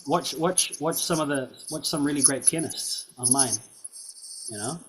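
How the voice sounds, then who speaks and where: A man's voice: medium pitch, moderate pace, a little hiss or hum. A man giving a student feedback in a recorded piano lesson, encouraging, often checking in with "right?" and "yeah?". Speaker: piano teacher.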